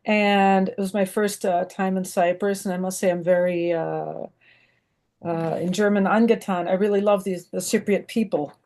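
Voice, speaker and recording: Over a video call, an American woman asks a long, rambling question as an audience member during an online Q&A, brimming with enthusiasm and fillers. Her medium-pitched voice is a little mellow, with fairly even intonation and a moderate pace.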